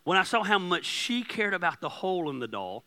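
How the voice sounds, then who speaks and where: A pastor in his forties preaching with a sharp, forceful, fairly high voice. He talks to the congregation in a conversational, self-deprecating way and builds to impassioned peaks. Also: sing-song, brisk. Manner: impassioned, rising to near-shouting. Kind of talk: sermon.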